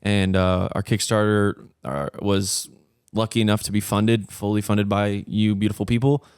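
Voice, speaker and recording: A man hosting a casual group podcast, relaxed and leading the conversation. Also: fairly low pitch, normal speed, smooth, no room sound, studio quality. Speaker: podcast host.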